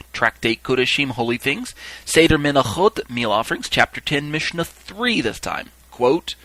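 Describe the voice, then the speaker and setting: Bright-voiced man teaching scripture. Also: medium pitch, no echo, poor audio. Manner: explanatory, checks in with listeners, many fillers. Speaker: Bible teacher. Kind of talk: recorded podcast teaching.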